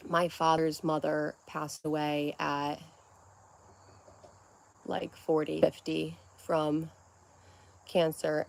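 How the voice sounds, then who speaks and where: A woman's voice: low voice, vocal fry, a little mellow. Young woman rambling on a phone livestream, kinda out of breath, says like a lot. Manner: chatty, rambling, lots of "like" and baby talk to pets. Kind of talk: casual livestream chat. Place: her family home, indoors.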